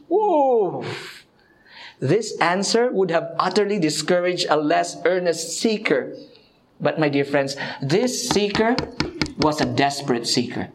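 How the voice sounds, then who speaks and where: A man preaching a sermon, calling his listeners friends, his voice swooping high and low and stretching words for emphasis. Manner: expressive, swoops between high and low pitch, drawn-out emphasis; reads quotes aloud and addresses listeners as friends.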